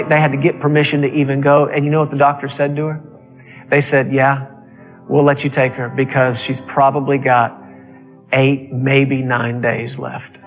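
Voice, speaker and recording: A man preaching a sermon, telling a story with emphatic repeated phrases. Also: a little high.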